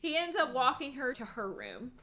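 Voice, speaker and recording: Casting: young woman book-podcast co-host, animated pitch, higher voice, giggly and chatty. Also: normal speed. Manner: laughs often, acts out characters in quotes. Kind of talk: casual book-club chat.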